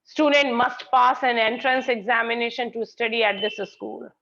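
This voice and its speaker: A woman's voice: on the high side, fairly even intonation, normal speed, creaky, a bit bright. A woman teacher, giving an online grammar class. She praises students and explains by repeating example sentences. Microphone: video call. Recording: dull lo-fi call audio.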